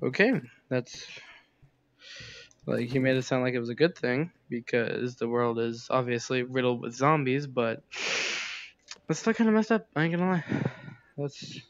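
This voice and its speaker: A gamer with a mid-range voice narrates his moves at a moderate pace while playing a zombie video game. He panics out loud, exclaims, and talks straight to the game in classic let's play commentary.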